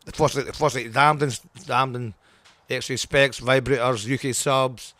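A man's voice: medium pitch, fairly even intonation, a little slow, bright, forceful tone, no echo. An older man with a Scottish accent, a punk singer interviewed as a guest, talking bluntly and swearing a lot as he rambles. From Scotland.

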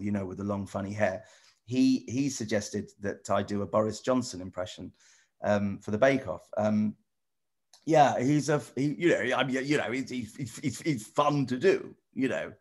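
A middle-aged celebrity guest chats casually and warmly with children over a video call, answering their questions. His mid-range, darkish voice rambles and halts, full of restarts and "you know."

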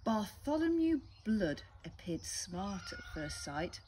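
English teacher, storytime read-aloud, slow and lively, birdsong faintly behind. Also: female voice, mid-range voice, noisy background. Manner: gentle, asks children questions. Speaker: primary school teacher.

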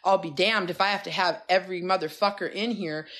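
A woman's voice: on the low side, steady tone, brisk, fairly bright tone. A woman coach on a phone livestream, giving a fired-up, profane pep talk to her followers. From United States. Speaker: wellness coach.

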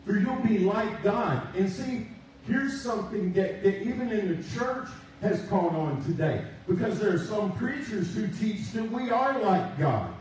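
Male preacher, sermon, drawn-out emphasis, high voice, distant mic, faint room noise. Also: very animated, darkish tone. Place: church sanctuary. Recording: echoey church from a distance.

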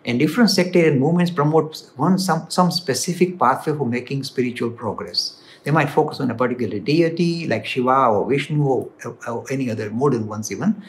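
A man with an Indian English accent, answering viewer questions in an animated, emphatic explanatory talk. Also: medium pitch, a little fast, few pauses. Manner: animated, emphatic, rises when stressing points. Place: London studio.

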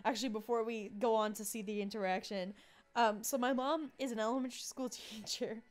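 A woman's voice: fairly high pitch, fairly even intonation, fairly quick. A young woman hosting a casual let's play, chatty and giggly. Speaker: gaming channel host.

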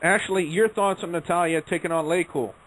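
A man's voice: high voice, fairly quick, fairly bright tone, low-quality recording. A man hosting an internet radio talk show, emphatic, calling on each panelist in turn. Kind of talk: casual wrestling talk show.

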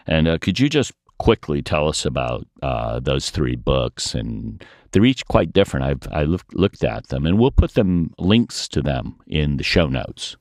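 A man hosting a podcast interview, telling stories in a relaxed way and laughing through his anecdotes. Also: a bass voice, unhurried, few pauses, no room sound, studio quality. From Pensacola area, US South. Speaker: podcast host. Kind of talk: conversational interview.

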